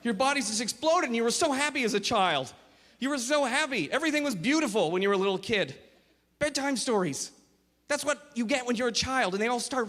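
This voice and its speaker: A man doing a stand-up comedy set on a club stage, animated, shouting punchlines and slipping into silly voices. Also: very high voice, brisk. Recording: hall reverb, audience noise.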